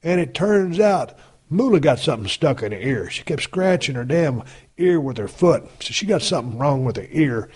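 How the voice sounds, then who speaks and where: A man's voice: fairly high pitch, sing-song, moderate pace, a little mellow, slightly rough. A man in his fifties hosting a podcast, talking in a casual, blunt and heavily profane folksy monologue. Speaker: podcast host.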